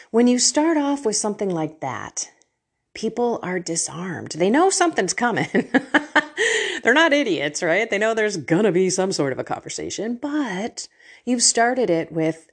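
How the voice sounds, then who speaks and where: Middle-aged woman, faith talk host, animated pitch, slightly husky voice, candid and emotional. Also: normal speed. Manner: emotional, candid, storytelling with quoted dialogue. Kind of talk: personal faith talk to listeners.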